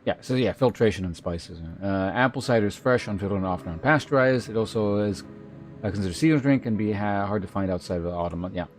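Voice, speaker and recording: Low-voiced man chatting on stream. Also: fast talker, soft background music. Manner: rambling, with frequent restarts and filler words. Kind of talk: casual chat with live viewers.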